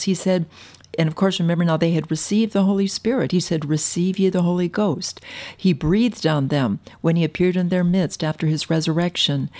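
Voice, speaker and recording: A woman preaching a sermon, earnestly quoting scripture in old-fashioned wording, with some halting restarts. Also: lowish voice, mellow. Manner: earnest, quotes scripture in King James wording.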